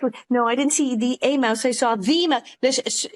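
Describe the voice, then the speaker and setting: Lively older woman storyteller. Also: on the high side, normal speed. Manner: animated storytelling, acting out quotes. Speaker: podcast co-host. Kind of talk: casual chat recapping a TV episode.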